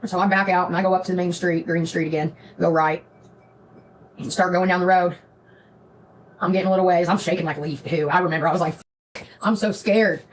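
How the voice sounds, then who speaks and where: A woman's voice: on the low side, quick pace, long pauses, rough recording. A woman on a live stream telling a rambling, profane story in casual chat. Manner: profane, rambling, animated retelling.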